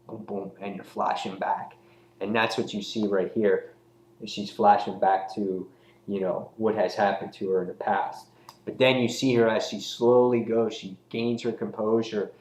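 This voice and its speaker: A man's voice: fairly low pitch, darkish tone, reverberant, poor audio. A man giving a casual, rambling comic book review, full of fillers and restarts.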